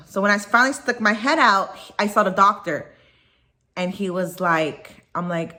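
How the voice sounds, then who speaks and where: Female vlogger, bright voice, anxious rambling rant to camera. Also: mid-range voice, normal speed, soft background music. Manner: upset, rambling, swears freely. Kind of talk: casual personal vlog, venting. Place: at home, dog nearby.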